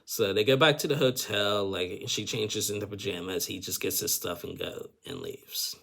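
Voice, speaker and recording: A man's voice: on the low side, big pitch swings, normal speed, vocal fry, a bit bright. A man giving a casual, rambling recap of a reality show, full of filler phrases. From United States. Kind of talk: casual commentary.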